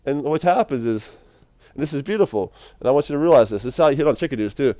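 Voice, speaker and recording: A man's voice: medium pitch, lively intonation, quick pace, mellow, no echo. Rambling man, dry sound. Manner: slangy, laughs often, calls listener dude and man. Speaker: vlogger. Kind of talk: rambling casual monologue.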